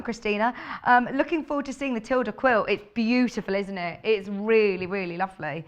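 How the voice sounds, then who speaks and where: A woman with a low, husky voice, chatting in a bubbly way as she presents a live TV shopping show. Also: fairly quick. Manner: bubbly, chatty, laughs often. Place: TV studio.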